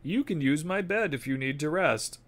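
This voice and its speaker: A formal, commanding old spymaster, read aloud by a man streaming a game. The voice sits a little high and is delivered slowly and deliberately, like orders given to a recruit. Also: expressive, natural voice. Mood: formal briefing. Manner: reading game dialogue aloud in a formal, slow, slightly raised voice. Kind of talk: reading game dialogue during a livestream.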